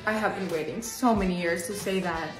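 A woman's voice: on the low side, fairly quick, over music. A woman performing short comedy skits with exaggerated reactions. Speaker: sketch performer. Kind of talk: comedy skit role-play.

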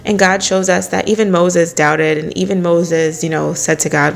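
A woman's voice: lowish voice, fairly even intonation, normal speed, vocal fry. A woman hosting a casual Bible study, talking conversationally and filling her speech with "you know". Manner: conversational, many "you know" fillers, light laughs.

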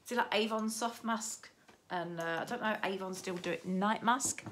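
A woman's voice: medium pitch, normal speed, a bit bright, slight background noise. A woman in her fifties with grandchildren, chatting casually and rambling through a shopping haul with many restarts. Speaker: vlogger showing a shopping haul.

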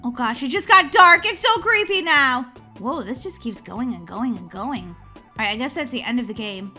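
A woman hosting a gaming channel, chatting excitedly through a video game and squealing when she is chased. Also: a little high, normal speed, soft background music. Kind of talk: playing a video game with commentary.

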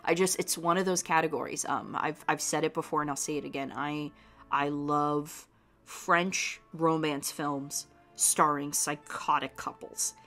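A young woman with a deep, low-pitched voice chats casually about films on her podcast, speaking a little slowly in a steady tone. Enthusiastic and rambling, she keeps circling back with ums, fillers, and half-started sentences, while soft music plays faintly behind her.

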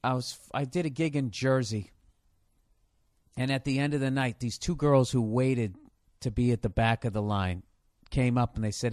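A man hosting a podcast, telling a comic story in a profane, animated way. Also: mid-range voice, moderate pace, no room sound, clean studio sound. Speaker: podcast host. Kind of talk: comedic podcast rant.

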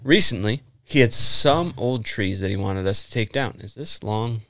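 A man's voice: lowish voice, lively intonation, moderate pace, gravelly, fairly bright tone. A man hosting a podcast, casually reading a story aloud and chatting, often laughing and swearing. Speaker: podcast host.

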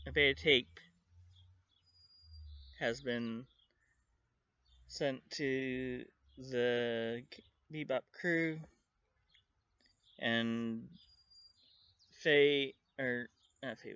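A man talks through a review at a very slow, meandering pace, breaking into excited laughter as he retells scenes. The recording is dry and close, with a dull, lo-fi tone. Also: medium pitch, clean tone, dry recording. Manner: rambling, excitable, laughs often. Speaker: anime reviewer. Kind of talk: casual spoken review.

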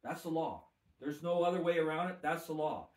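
Here the same kind of guest minister speaks a bit high and fairly quickly, his voice echoing around the room. Telling his testimony, he drives home phrases through preacher-like repetition that builds in force.

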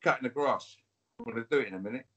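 Taunting British man with a husky voice. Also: mid-range voice, very fast, pushed and bright. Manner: taunting, repetitive, calls listener mate. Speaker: interview guest. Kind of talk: combative interview trash talk.

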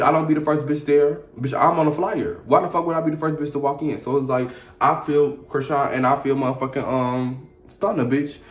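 A young man giving a brash, profane, sassy commentary in a casual video review. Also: medium pitch. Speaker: reality show reviewer.

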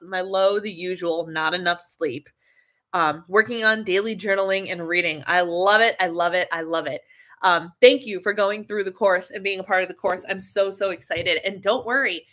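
Woman, wellness coach, webcam livestream, chatty, animated. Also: medium pitch. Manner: chatty and animated, laughs often. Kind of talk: livestream chat reading comments.

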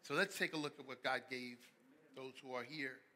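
A man preaching a sermon as pastor, telling a humorous story with animated delivery. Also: medium pitch, normal speed, in a large hall.

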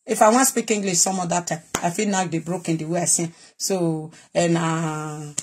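A woman's voice: fairly low pitch, fairly even intonation, normal speed, a little hiss or hum. A woman from Edo State with a Nigerian accent, ranting straight to camera and switching between Pidgin and her Edo dialect as she issues a defiant challenge. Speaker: vlogger. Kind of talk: direct-to-camera live video rant.

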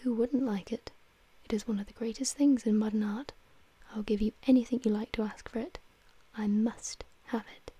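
Lady doing a dry witty lord, whispered role-play, mellow and breathy. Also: on the high side, fairly even intonation, moderate pace. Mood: amused. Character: witty, cynical aristocratic gentleman.

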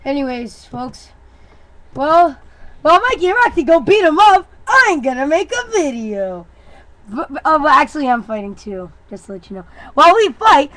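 A woman hosting a homemade comedy video, rambling goofily and often yelling to the viewers. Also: high-pitched, low-quality recording. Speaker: host and narrator.

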